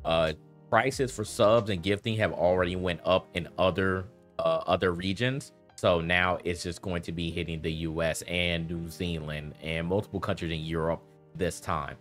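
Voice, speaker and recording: Male streamer, low voice, excitable, repeats lines, faint music behind. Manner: animated, repeats himself, quick bursts of laughter. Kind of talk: casual livestream chat.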